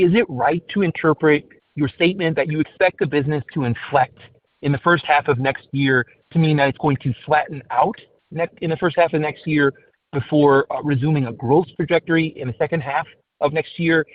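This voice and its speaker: A man's voice: a little high, brisk, no echo. A man, an analyst calling in to an earnings call, asking precise multi-part questions. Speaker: analyst caller. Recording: dry tinny phone line.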